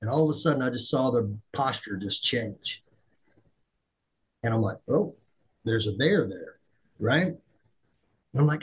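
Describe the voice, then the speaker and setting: A middle-aged man hosting a podcast, telling a story in a lively way, acting out the dialogue and poking fun at himself. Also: medium pitch, unhurried, pauses often, low-quality recording. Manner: animated, acts out dialogue, self-deprecating. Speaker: podcast host. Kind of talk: conversational storytelling.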